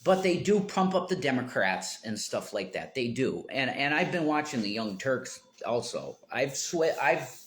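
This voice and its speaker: A man's voice: mid-range voice, very animated, a little slow, hardly any pauses. Rambling man on a livestream. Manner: rambling, tangent-prone, emphatic outbursts.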